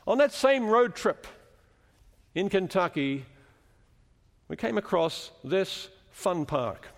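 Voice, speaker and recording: A fairly high-voiced man delivers a teaching sermon, working through scripture and putting questions to his listeners. His voice carries a long reverb from the chapel he speaks in. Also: big pitch swings, slow pace, vocal fry. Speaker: preacher.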